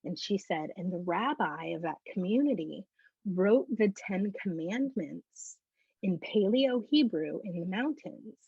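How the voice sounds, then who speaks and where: A woman guest giving a personal faith testimony as an animated storyteller who acts out the conversations she recounts. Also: mid-range voice, unhurried, creaky, breathy edge, dry recording. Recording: muffled lo-fi dry recording.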